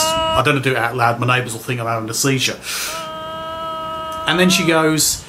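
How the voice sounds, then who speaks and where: A man's voice: on the high side, normal speed, a bit bright, soft background music. Sarcastic, dismissive man. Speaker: commentator. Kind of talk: critical commentary.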